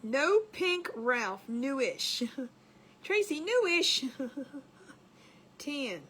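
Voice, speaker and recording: Giggly high-voiced woman hosting a craft stream. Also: sing-song, extremely slow, a bit bright, slight background noise. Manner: giggly, chatty, reads viewer comments aloud. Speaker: craft livestream host. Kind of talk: casual live crafting chat with viewers.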